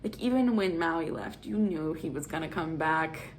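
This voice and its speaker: A woman's voice: deep voice, normal speed, slight background noise. Exasperated young woman ranting about films. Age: 20s. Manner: animated, exasperated rants. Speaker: vlogger. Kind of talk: casual movie review monologue.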